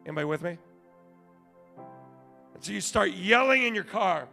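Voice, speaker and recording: Guy pastor preaching, high voice, kinda gravelly, goes from yelling to quiet, soft music behind. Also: moderate pace. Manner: animated storytelling, swings from shouting to quiet. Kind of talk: sermon.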